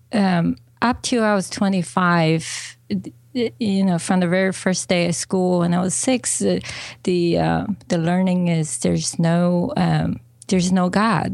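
Woman podcast guest, gravelly and dry-miked, halting and careful. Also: on the low side, a little mellow, dry recording. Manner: hesitant, many fillers. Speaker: podcast guest, business coach. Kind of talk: casual interview talk.

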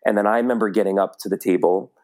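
A middle-aged man telling a personal story in casual chat, animated and laughing often. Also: fairly low pitch, rapid-fire.

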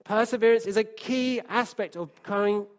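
High-voiced man preaching a lively sermon. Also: moderate pace. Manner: dynamic, swings from hushed to loud and emphatic.

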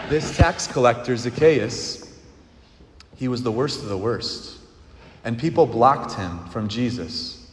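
Speaking as a priest, a man gives an earnest sermon, posing questions to the congregation and leading them in a response. His voice is medium-pitched and slow, heard with long hall reverb and clear background noise.

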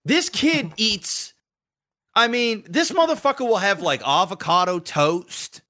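A man with a fairly high, bright voice and a tense edge co-hosts a podcast. He tells a story in loose, animated chat, swearing freely and breaking into laughter. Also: unhurried. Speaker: podcast co-host. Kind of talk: casual chat, anecdote telling.

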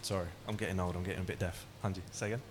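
A man's voice: low-pitched, steady tone, very fast, noisy background. A man giving an interactive talk, asking the audience questions and telling stories. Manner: engaging, asks the audience questions. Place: hall with an audience.

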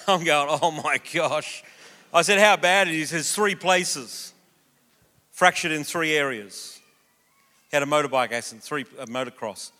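High, bright pastor, echoing hall. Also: male voice, a little slow, long pauses. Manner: animated, acts out quoted voices. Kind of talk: sermon with storytelling. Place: church auditorium. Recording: long reverb of a church hall.

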